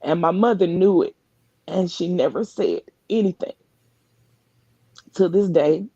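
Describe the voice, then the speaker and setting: Husky, gravelly woman telling her story. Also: lowish voice, dark tone, no echo, dull audio. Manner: earnest, halting, often restarts mid-thought. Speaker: guest sharing her story. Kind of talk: emotional personal testimony on a live stream. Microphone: live video call.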